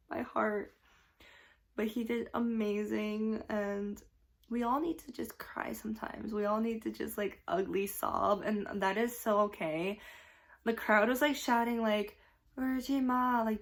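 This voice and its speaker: A woman's voice: a little high, steady tone, measured pace, creaky. A young woman vlogger chatting casually and gushing about a concert, with lots of fillers. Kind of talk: casual chat.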